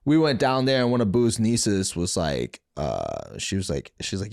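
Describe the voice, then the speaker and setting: A man's voice: sits low, sing-song, normal speed, vocal fry, hardly any pauses, darkish tone, no echo, clean studio sound. A man guest on a podcast telling stories from his youth in a rambling, profane way, full of fillers and restarts. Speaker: podcast guest, former fighter. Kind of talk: casual storytelling interview.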